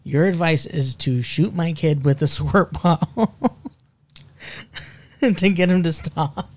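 A man with a fairly high voice hosts a relaxed podcast. He talks in loose, rambling sentences full of fillers. He laughs often. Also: takes it slowly. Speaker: podcast host. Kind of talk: casual chat. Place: basement room.

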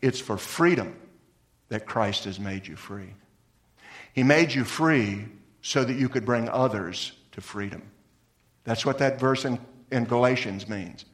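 Male pastor, mid pitch, earnest preaching voice that moves between lively emphasis and soft, low appeals. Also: measured pace, long pauses. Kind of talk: sermon.

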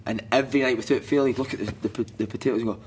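A man's voice: medium pitch, racing, noisy background. A Scottish man on a podcast, telling football stories in casual chat, laughing and acting out other people's lines. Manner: animated storyteller who acts out other people's lines, laughing and swearing.

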